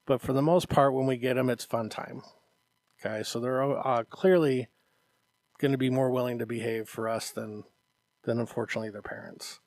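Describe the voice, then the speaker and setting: A man's voice: medium pitch, fairly even intonation, normal speed, darkish tone, dry recording. Earnest male podcast host, dry close mic. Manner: earnest and encouraging, acts out parents' voices, often adds "Okay?". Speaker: martial arts instructor and podcast co-host. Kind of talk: casual podcast chat.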